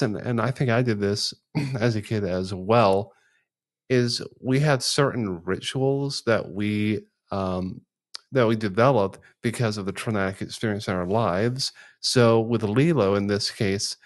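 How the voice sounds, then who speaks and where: A man's voice: on the low side, no echo. A man hosting a podcast, speaking in a thoughtful, reflective casual chat. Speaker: podcast host.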